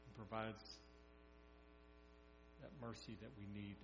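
A man's voice: on the low side, level tone, takes it slowly. A man preaching a sermon, telling scripture stories in a folksy way and acting them out. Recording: echoey hall, dull sound, mains hum.

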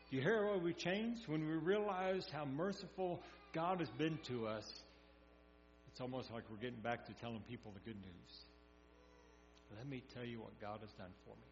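Folksy preacher in an echoey hall. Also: male voice, medium pitch, moderate pace. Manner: folksy storytelling, acting out the scripture scenes. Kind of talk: sermon. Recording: echoey hall, dull sound, mains hum.

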